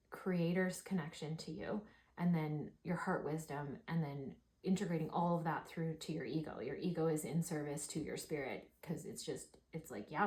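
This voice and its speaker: A woman giving a spiritual oracle card reading, talking in an excited, gushing way and filling her speech with "like". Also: low voice. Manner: excited, gushing, heavy use of "like". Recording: echoey room.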